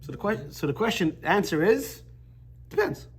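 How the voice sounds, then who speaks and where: A man teaching a Torah class in a chatty, halting way, telling jokes and restarting his sentences. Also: high voice, big pitch swings, breathy edge.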